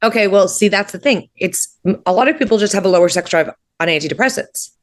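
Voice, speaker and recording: Woman comedian, casual podcast chat, candid, laughs a lot, filler-heavy, mid-pitched voice. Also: animated, quick pace. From Canada. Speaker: comedian guest.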